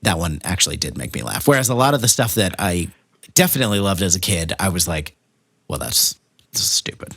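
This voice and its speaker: A man's voice: low-pitched, sing-song, fast, creaky, fairly bright tone, slightly rough, dry recording, clean studio sound. A man co-hosting a podcast in casual chat, conversational and full of "like" hedges. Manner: conversational, hedging with many "like"s. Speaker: podcast co-host.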